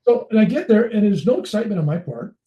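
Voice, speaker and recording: Animated older man telling a story. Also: high voice, fast talker, reverberant, far from the mic, highs cut off. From United States. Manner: animated, acts out dialogue in his story. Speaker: interview guest. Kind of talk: storytelling in casual conversation.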